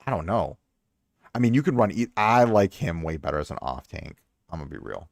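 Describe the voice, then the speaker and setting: Young adult male streamer, low voice, dry close sound, loose rambling chat that repeats itself. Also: big pitch swings, brisk, gravelly, no room sound. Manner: rambling, repeats himself for emphasis. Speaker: streamer reviewing viewers' game accounts. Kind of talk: casual live-stream chat.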